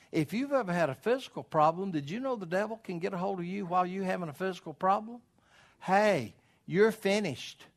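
A man preaching a sermon as pastor, swinging from loud calls to quiet storytelling. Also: on the high side. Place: church.

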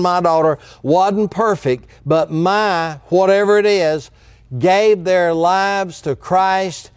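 A man's voice: fairly high pitch, darkish tone, clear, resonant tone, no echo, clean studio sound. A man preaching a sermon as pastor, folksy and direct with the congregation.

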